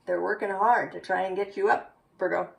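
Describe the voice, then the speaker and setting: A woman's voice: mid-range voice, fairly even intonation, a little fast, gravelly, distant mic, poor audio. A woman giving a tarot reading, musing aloud with frequent "right?" tags. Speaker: tarot reader.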